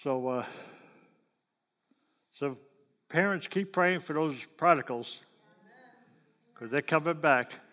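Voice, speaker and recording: Speaking slowly and pausing often, this man preaches a folksy sermon and keeps asking the crowd questions. His voice is a little high, pushed and bright, and the audio has a long hall reverb.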